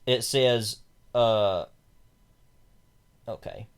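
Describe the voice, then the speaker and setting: A man's voice: on the low side, extremely slow, over a noisy crowd. A young man co-hosting a podcast, talking through a film in a casual, rambling way with many fillers and restarts. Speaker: podcast co-host.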